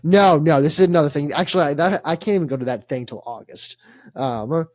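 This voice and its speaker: Young guy, co-host, slightly high voice, dry close sound, chatty storyteller. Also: fairly quick, a little mellow, no echo. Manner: rambling storyteller with laughs and fillers. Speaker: podcast co-host. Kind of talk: casual sports podcast chat.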